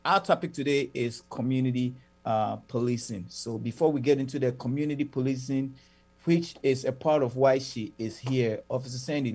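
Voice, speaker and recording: A man's voice: mid-range voice, darkish tone. A man hosting a talk radio show, reading plugs and bantering playfully with his co-host. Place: radio studio.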